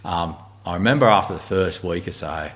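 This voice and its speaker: Speaking briskly in a deep voice, a middle-aged Australian army warrant officer spins war stories during a casual interview. He's an animated storyteller, blunt and full of swearing.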